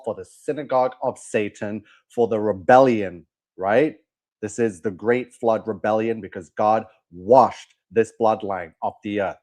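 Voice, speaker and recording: A man's voice: on the low side, a little mellow. A man hosting a religious commentary show, talking emphatically with scorn and repeated warnings. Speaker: host of a religious commentary channel. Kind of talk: preachy commentary.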